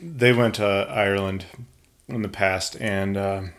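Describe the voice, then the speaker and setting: Low-voiced easygoing podcast man. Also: steady tone, takes it slowly, fairly bright tone. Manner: easygoing storyteller, laughs often. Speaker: podcast co-host. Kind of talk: casual chat.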